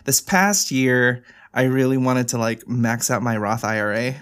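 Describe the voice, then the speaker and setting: A man's voice: medium pitch, unhurried, a bit bright, smooth. A man co-hosting a casual chat, talking earnestly and laughing easily. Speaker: podcast co-host.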